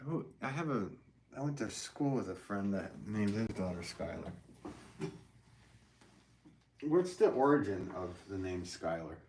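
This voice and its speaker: Speaking from a pottery studio, a man chats casually with his live-stream audience, drifting from thought to thought and chuckling at his own expense. His voice is lowish and his pace moderate, and the poor audio carries a constant hum of background noise.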